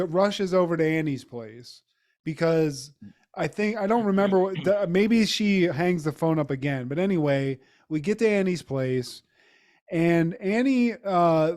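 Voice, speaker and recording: Rambling, profane man with a higher voice. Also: darkish tone. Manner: loose, profane, rambling with many fillers. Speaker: podcast co-host. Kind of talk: casual recap chat.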